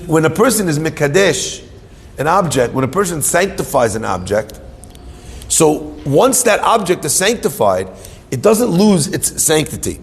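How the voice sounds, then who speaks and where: A middle-aged man preaches a storytelling sermon to a live audience, with a gravelly voice pitched a little high. He asks questions and answers them himself, mixing Hebrew terms into his talk. His voice rings with the long echo of a hall. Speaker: rabbi teaching Torah.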